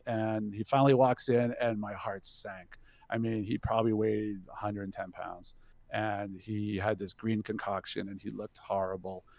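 A man telling an anecdote as a podcast guest, in a casual storytelling style. He acts out the quoted dialogue with animation and stumbles into restarts when he gets excited. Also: lowish voice, creaky, dry recording. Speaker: podcast guest, company CEO.

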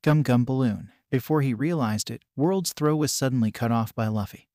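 A man narrating a fan fiction story in a steady, even reading style. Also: medium pitch, moderate pace, dry recording, clean studio sound.

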